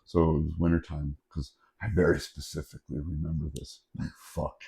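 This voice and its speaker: A man's voice: very deep voice, flat delivery, fairly quick, vocal fry, warm tone. A man, a podcast cohost, chatting casually and swearing while joking about a school memory. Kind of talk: casual chat.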